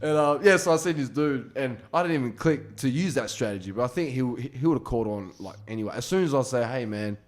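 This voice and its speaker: A man's voice: mid-range voice, lively intonation, quick pace, hardly any pauses. A male comedian telling a story in casual, sweary podcast chat.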